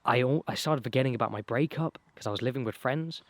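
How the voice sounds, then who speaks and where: A young man tells his own life story casually, rambling and swearing, with many fillers and restarts, his voice going hoarse. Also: medium pitch, quick pace, dry recording. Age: young adult. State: losing his voice. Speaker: vlogger.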